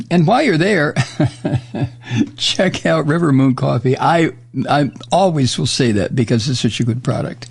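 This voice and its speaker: Older male talk-radio host, husky gravel, blunt sarcastic commentary. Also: on the high side, animated, a little slow. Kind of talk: political commentary monologue. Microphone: studio microphone.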